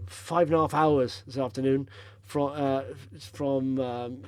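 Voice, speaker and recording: A man's voice: mid-range voice, flat delivery, a little slow, darkish tone, clear, resonant tone, no echo. A man hosting a casual stock-picking video, talking over charts in a chatty, rambling way with blunt opinions, tired after a long drive.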